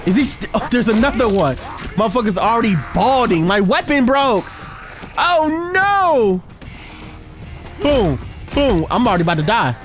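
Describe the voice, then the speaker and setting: A young man giving loud, excitable, trash-talking commentary while he plays a video game. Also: sits high, fast, soft background music. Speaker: gaming video host. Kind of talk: excited let's-play commentary. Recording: game soundtrack playing behind.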